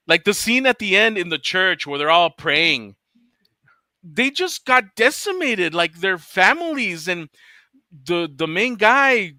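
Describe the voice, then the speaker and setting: A male host with a very bright, slightly raised voice rants casually, swearing freely and breaking into laughs. The recording is close and dry. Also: high voice, big pitch swings, unhurried, no echo. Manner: profane, ranting, laughs often. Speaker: podcast host. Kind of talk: casual chat.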